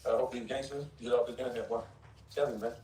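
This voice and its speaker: Fast-talking man ranting in an echoey room. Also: medium pitch, fairly even intonation, dark tone, far from the mic. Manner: heated, mocking trash talk with laughs. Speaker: vlogger. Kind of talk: casual rant to camera. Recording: echoey, off-mic, noisy ambience.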